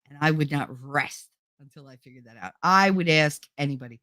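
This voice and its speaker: A middle-aged woman hosting a livestream, telling family stories in a casual, animated way and acting out her relatives' voices with frequent laughter. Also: sits low, fairly quick, no room sound. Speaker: livestream host. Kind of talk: casual storytelling chat.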